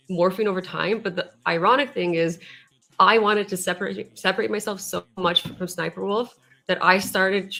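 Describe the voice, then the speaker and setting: A woman's voice: medium pitch, bright, forceful tone. A woman guest talking in a candid, chatty way in a casual interview. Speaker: guest creator.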